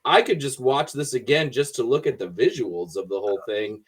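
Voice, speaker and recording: A man talks in a relaxed, self-deprecating way on a casual panel about films. His voice sits at a middling pitch for a man. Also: brisk, slightly rough.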